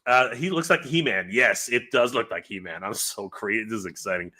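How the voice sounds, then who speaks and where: A man in his forties hosting a live reaction stream, excited and rambling, stumbling over his words as he reads out viewer comments. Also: lowish voice, fairly quick. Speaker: YouTube host.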